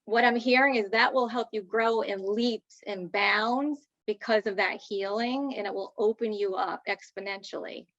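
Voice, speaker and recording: A woman giving medium readings as a guest, in a soft, reassuring manner with hesitant fillers. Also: mid-range voice, normal speed, few pauses, no room sound, highs cut off. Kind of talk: spiritual reading, casual chat.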